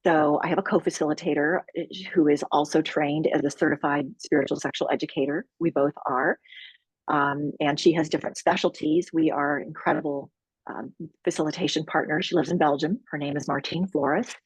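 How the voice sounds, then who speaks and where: A low-pitched woman with a husky edge speaks calmly and earnestly as an interview guest. She takes her time, with measured pauses. The sound is close and dry. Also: no room sound. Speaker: sexual healing retreat leader.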